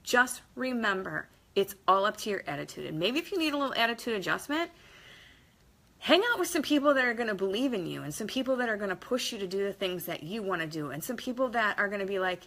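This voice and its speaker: A woman's voice: medium pitch, big pitch swings, fast talker, creaky, a bit bright. A woman giving a casual motivational talk to camera, emphatic and blunt, with mild swearing and quotes acted out in different voices. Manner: acts out quotes in varied voices. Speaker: motivational vlogger.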